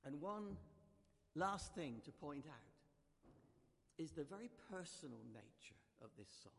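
A man with a slightly high, gravelly voice preaching in an echoing church. He speaks gently and conversationally, leading the congregation to join in. The long reverb of the hall trails after his words. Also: very animated, a little slow. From United Kingdom. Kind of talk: sermon.

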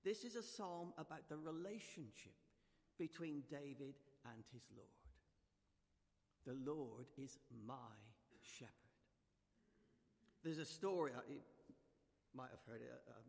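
A man with a slightly high, gravelly voice preaching in an echoing church. He speaks gently and conversationally, leading the congregation to join in. The long reverb of the hall trails after his words. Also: moderate pace. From United Kingdom. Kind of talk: sermon.

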